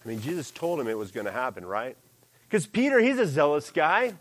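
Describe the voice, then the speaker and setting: A man preaching a sermon in a lively, animated way, jumping into character voices for quoted lines. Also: fairly quick. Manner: animated, acts out quoted lines with big pitch jumps.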